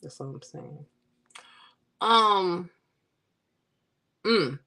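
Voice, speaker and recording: A woman with a slightly low voice hosts a casual livestream. She chats with her viewers, teasing and joking in a playful, animated way. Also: very slow, vocal fry. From Florida. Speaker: livestream host. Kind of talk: casual chat with live viewers.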